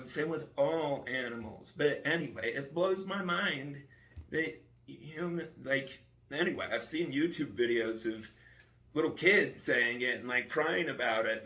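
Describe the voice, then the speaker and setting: A man's voice: mid-range voice, sharp tone, roomy sound, distant mic. A man vlogging in a rambling, casual monologue, often trailing off with "anyway". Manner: rambling, restarts sentences, frequent "anyway".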